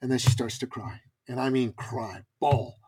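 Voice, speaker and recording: A man who coaches businesspeople, telling a story as a guest on a conversational interview with casual fillers and lively asides. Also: mid-range voice, moderate pace, husky.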